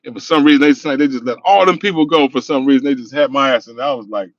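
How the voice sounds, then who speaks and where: A man's voice: mid-range voice, quick pace, no echo, dull audio. A middle-aged man livestreaming from his car, telling loose, profane stories and laughing as he talks. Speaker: livestream host. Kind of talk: casual storytelling livestream. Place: in a car while driving.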